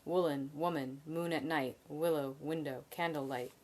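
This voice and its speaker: A woman voicing a playful, restless young man in a fantasy novel reading, with a teasing, sing-song delivery a little above her low reading voice. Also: steady tone, moderate pace.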